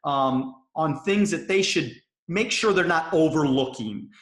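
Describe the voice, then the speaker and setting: A man's voice: on the high side, lively intonation, measured pace, a bit bright. A man hosting an interview, speaking earnestly with loose phrasing and fillers. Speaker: host. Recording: echoey room.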